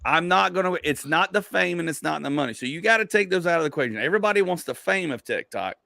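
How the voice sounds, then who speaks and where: A man's voice: fairly high pitch, lively intonation, fast talker, gravelly, pushed and bright, no room sound, clean studio sound. A man hosting a casual podcast chat as a comedian, talking bluntly and emphatically. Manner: emphatic, blunt motivational talk. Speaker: comedian host.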